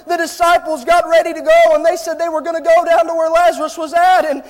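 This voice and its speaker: A man preaches with passion and raises his voice to a shout, calling out to his listeners as friend. His voice sits very high and stays on a narrow, flat line. The sound rings with long reverb, as in a large church hall. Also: quick pace. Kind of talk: fiery revival sermon.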